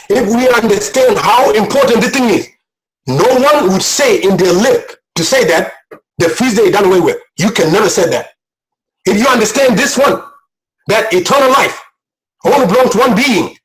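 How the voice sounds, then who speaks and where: Brief: male guest preacher, high-pitched, fervent and emotional, sermon delivery. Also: poor audio. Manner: impassioned, repetitive, rising to shouts. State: emotional, near tears.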